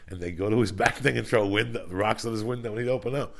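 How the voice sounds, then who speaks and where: A man's voice: lowish voice, very fast, vocal fry, a bit bright. A man hosting a podcast, telling rambling, profane stories in casual chat. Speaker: podcast host.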